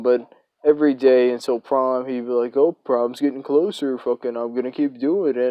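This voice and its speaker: A man's voice: medium pitch, dark tone, no room sound. A young man casually telling a rambling, profanity-laced story as a story time vlogger. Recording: dry, dull lo-fi recording.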